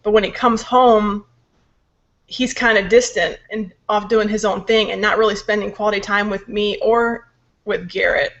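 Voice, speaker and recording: A woman's voice: mid-range voice, steady tone, normal speed, a bit bright. A young woman with a sore throat, venting in casual chat; tired and frustrated, she swears when she gets angry. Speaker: podcast co-host venting. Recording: dull lo-fi recording.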